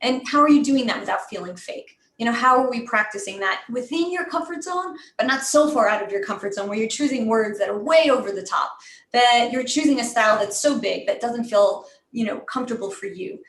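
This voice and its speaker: Woman speaking coach, higher voice, lively teaching delivery, echoey room. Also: brisk. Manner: energetic, coaching, demonstrates examples with lively voice shifts. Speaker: program director teaching presentation skills. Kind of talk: live online class. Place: room in New York.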